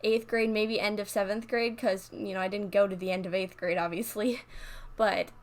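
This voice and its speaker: A woman's voice: medium pitch, steady tone, normal speed. A teenage girl telling a rambling story in casual chat, full of "like" and restarts. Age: teens. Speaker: YouTuber narrating over a speed build.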